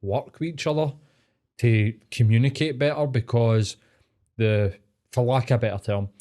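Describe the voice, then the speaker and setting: A man's voice: medium pitch, normal speed, dark tone. Scottish male podcast host, casual sweary storyteller, rambling delivery, mid-range voice. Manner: swears freely, rambling storytelling with many fillers. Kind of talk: casual chat.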